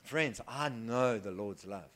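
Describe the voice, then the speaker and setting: A man preaching a sermon earnestly, moving between soft hushed lines and loud emphatic declarations. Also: mid-range voice, expressive, slow.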